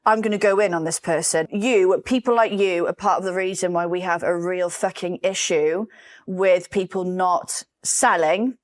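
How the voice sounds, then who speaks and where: A woman's voice: fairly low pitch, fairly even intonation, normal speed. A woman co-hosting a podcast, talking bluntly in casual chat, swearing freely and acting out quotes. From Britain. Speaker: podcast co-host.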